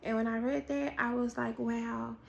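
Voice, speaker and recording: A woman preaching a prophetic word in sermon style. She tells an animated story, acts out what people said, and repeats key phrases for emphasis. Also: a little high, normal speed, creaky, slight background noise. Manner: animated storytelling with acted-out quotes, repetition for emphasis.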